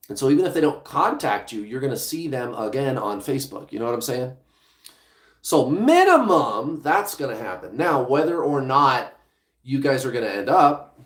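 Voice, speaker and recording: With a mid-range voice and a roomy sound, a man hosts a livestream as a relationship coach. He talks straight to his viewers in a blunt, casual way, swearing now and then.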